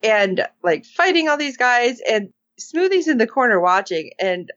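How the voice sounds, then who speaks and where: A woman co-hosting a casual recap chat, animated and acting out characters' lines in put-on voices. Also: on the high side, measured pace, dry recording, highs cut off. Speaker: podcast co-host.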